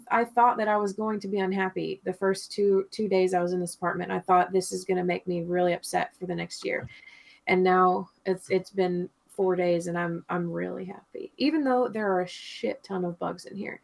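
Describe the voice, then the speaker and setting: A woman co-hosting a casual podcast, talking at an ordinary middle pitch. She tells her stories in a loose, rambling way, piling on details and laughing often between thoughts. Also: fairly even intonation, normal speed, gravelly, few pauses. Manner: rambling, chatty storytelling with frequent laughs. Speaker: podcast co-host. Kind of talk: casual chat.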